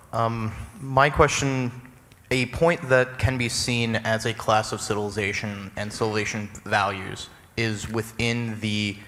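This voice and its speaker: A man's voice: fairly low pitch, fairly bright tone. A man in the audience at a lecture, asking a question in a hesitant way. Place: lecture hall. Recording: long hall reverb.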